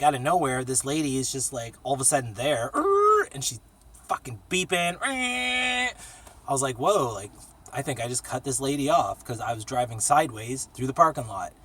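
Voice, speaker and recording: A man's voice: medium pitch, expressive, moderate pace, a bit bright, recorded from a distance. A man telling casual, profane stories in a rambling vlog from a small cramped space. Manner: profane, laid-back storytelling with sung jingle. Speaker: vlogger.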